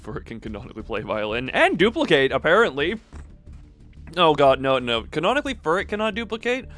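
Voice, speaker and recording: A man's voice: fairly high pitch, very animated, brisk, fairly bright tone, soft background music. A man streaming a card game live, chatting with viewers in a wry, theatrical way. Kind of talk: live gameplay stream chat.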